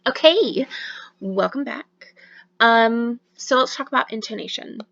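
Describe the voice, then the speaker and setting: A woman's voice: a little high, lively intonation, a little slow, vocal fry, fairly bright tone, lo-fi sound. A woman giving a recorded university lecture on voice and diction, explaining with frequent fillers.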